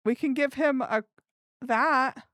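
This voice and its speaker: A young woman livestreams with a high, slightly bright voice, speaking slowly in clean studio sound with no echo. She chats casually with her viewers and giggles while working things out, talking to herself as she goes.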